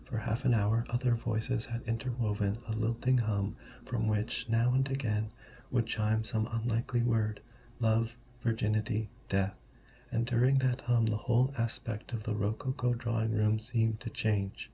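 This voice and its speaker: A man giving a soft-spoken ASMR book reading, talking in a hushed voice that often drops to a whisper. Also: fairly low pitch, level tone, normal speed, gravelly, a little hiss or hum. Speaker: ASMR storyteller.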